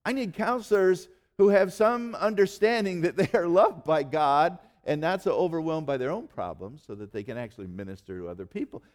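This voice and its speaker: A male pastor preaching a sermon in earnest, slowing down and dropping almost to a hush to stress key words. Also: sits high. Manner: earnest preaching, slows and drops to near-quiet for emphasis.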